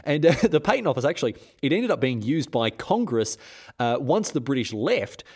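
A man's voice: mid-range voice, sing-song, normal speed, a little mellow. A man, hosting a history podcast in an irreverent, joking way with frequent restarts. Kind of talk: casual history storytelling.

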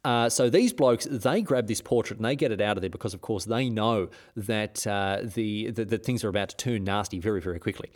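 A man's voice: on the low side, a little fast, hardly any pauses. A man, hosting a history podcast in an irreverent, joking way with frequent restarts. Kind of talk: casual history storytelling.

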